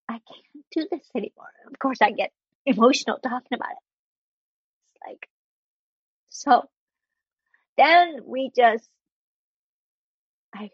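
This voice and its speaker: A woman with a husky, slightly breathy voice shares a personal story in an earnest, heartfelt way, stopping and restarting now and then. The sound is dry and close, on a dull, lo-fi recording. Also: on the high side, no room sound. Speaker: interview guest. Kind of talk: candid personal storytelling in conversation.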